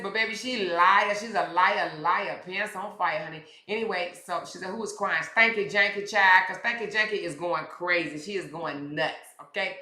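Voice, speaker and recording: Woman, livestream host, sassy and profane, forceful bright voice, echoey room. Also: on the low side, normal speed, few pauses. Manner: sassy, blunt, profane, talks straight to her chat. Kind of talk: casual livestream chat to viewers.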